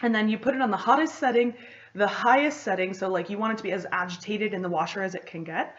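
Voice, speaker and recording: A young woman hosting a knitting podcast in casual chat, excitable and rambling, often laughing between thoughts. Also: medium pitch, fast, highs cut off.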